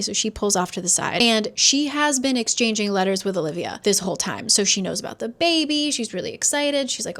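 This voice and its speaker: A woman talking through a book's plot in a loose, chatty way. She is sarcastic, throws in quick asides and swears now and then. She slips into the characters' lines as she goes. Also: on the high side, animated, a bit bright. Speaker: book reviewer. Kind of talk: casual book plot recap.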